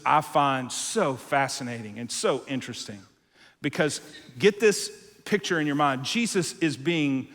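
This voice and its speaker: Animated high-voiced preacher in a reverberant hall. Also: male voice. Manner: animated storytelling, acts out crowd voices, drops to quiet intensity. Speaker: pastor. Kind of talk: sermon. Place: church auditorium.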